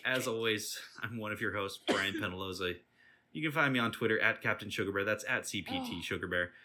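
A man's voice: fairly low pitch, brisk, sharp tone. A man hosting a casual podcast chat, teasing his co-hosts and mocking himself. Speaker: podcast host.

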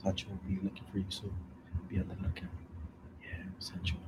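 A man putting on a low, hushed mock radio DJ voice as a boastful self-promoting announcer. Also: completely flat delivery, a little fast, very noisy, lightly acted. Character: smooth-talking male radio DJ self-promoter.

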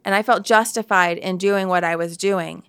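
A woman's voice: fairly low pitch, steady tone, moderate pace, a bit bright, clear, resonant tone, dry recording. A woman in her forties giving a candid devotional Bible talk, telling a personal story with laughs and asides, into a close studio mic.

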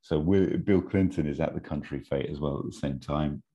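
In a casual chat, a man with a very deep, dark voice retells a made-up film plot at a moderate pace, pitching it like a storyteller. He rambles, full of ums and amused asides, and the audio sounds dull.

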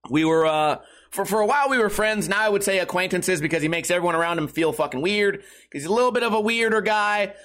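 Guy ranting on his comedy pod, swears a ton, laughs at his own bits, kinda high voice. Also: fairly bright tone. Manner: swears constantly, laughs at own jokes, quick asides. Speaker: comedy podcast host. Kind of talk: profane comedic rant.

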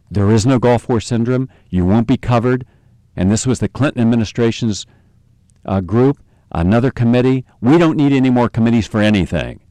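A man's voice: fairly low pitch, mellow, no room sound. A middle-aged American man delivering an impassioned, angry monologue as a radio host. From United States. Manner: angry, ranting, emphatic.

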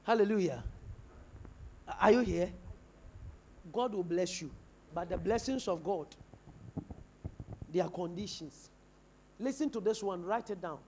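A man's voice: high voice, measured pace, long pauses, darkish tone, a little hiss or hum. A man with a Ghanaian English accent preaching a sermon in church, firing rhetorical questions at the congregation. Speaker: pastor.

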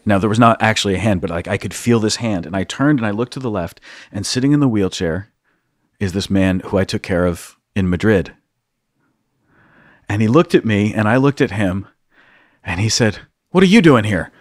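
Young east coast priest, lowish voice, dry close sound, animated storyteller who laughs a lot. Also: male voice, moderate pace, dry recording. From United States, East Coast. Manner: animated storyteller, acts out quotes, laughs often. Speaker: priest and podcast host. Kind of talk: storytelling in casual conversation.

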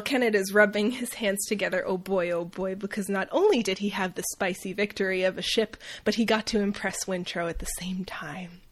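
A woman hosting a casual comedic book recap, wry and quick to laugh, tossing off quick voices for the characters. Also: mid-range voice, husky. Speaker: podcast host recapping a novel.

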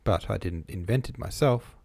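A man voicing an irritable, peevish old prince who speaks gruffly and dismissively in an audiobook. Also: low-pitched, normal speed, a little mellow, dry recording, heavily acted. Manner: gruff and dismissive, scornful laugh.

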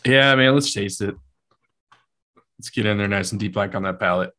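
A man's voice: fairly low pitch, moderate pace, sharp tone. Laid-back profane podcast guy. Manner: laid-back, profane, uses lots of fillers like "like" and "man". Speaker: podcast co-host. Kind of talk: casual chat about sports and whiskey tasting.

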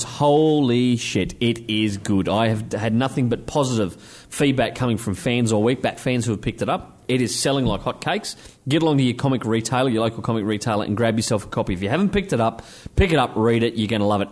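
A man hosting a casual podcast chat. He talks in a loose, animated way and swears freely as he recaps films and comics. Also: medium pitch, a little fast, hardly any pauses. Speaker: podcast host.

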